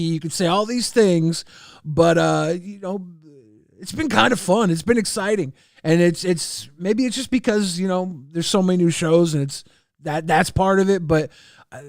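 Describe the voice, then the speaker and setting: Man, high pitched, gravelly, dry close sound, casual co-host. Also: no room sound. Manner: laughing, halting restarts. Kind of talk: casual livestream commentary.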